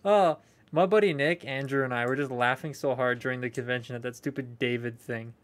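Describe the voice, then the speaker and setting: Young male streamer, loose rambling chat with viewers, mid-pitch voice. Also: brisk. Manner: rambling and chatty, talking to live chat. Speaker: toy collector streaming a haul unboxing. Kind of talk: casual live unboxing chat.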